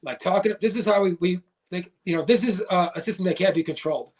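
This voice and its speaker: A man in his thirties with a fairly high voice talks as a podcast guest. His stories ramble and are full of "like" fillers. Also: fast. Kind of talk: casual storytelling chat.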